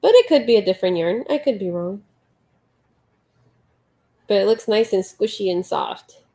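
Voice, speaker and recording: A woman's voice: mid-range voice, expressive, moderate pace, warm tone. A woman hosting a casual late-night livestream, counting her crochet stitches under her breath and chatting as she reads out viewer comments. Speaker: livestream host. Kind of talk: casual live chat while crocheting.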